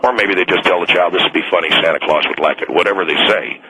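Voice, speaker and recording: A man's voice: low voice, fast talker, heavy background noise, close to an everyday voice. A man playing an indignant, fired mall Santa on a radio call-in, stubborn and self-righteous, rambling with restarts. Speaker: caller.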